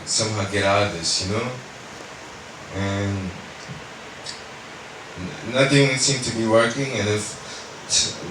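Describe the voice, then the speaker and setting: A man giving a personal faith testimony, telling his story with lots of "you know" and now and then slipping into Korean. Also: on the low side. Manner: animated storytelling, heavy on fillers like "you know"; switches into Korean at times. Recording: echoey room, mic far off, faint noise.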